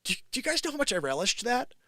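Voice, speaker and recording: Middle-aged male host, New Jersey accent, bright forceful tone, dry close sound, animated storyteller. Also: extremely high pitch, fast, dry recording. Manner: animated storytelling, acts out quoted voices, swings from loud to hushed. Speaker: live show host. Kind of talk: casual livestream monologue.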